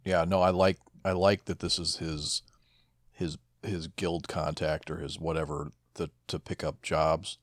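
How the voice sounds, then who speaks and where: Man, very low voice, podcast co-host, excited rambling, repeats words, dry close mic. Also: unhurried, no echo. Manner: enthusiastic, stammers and repeats words, swears casually. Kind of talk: casual chat.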